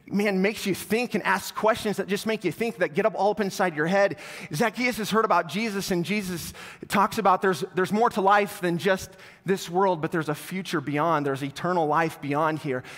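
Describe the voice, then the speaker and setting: A male pastor giving a sermon, telling a story in an animated way that swings from loud to hushed. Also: sits high. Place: church sanctuary. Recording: long church reverb.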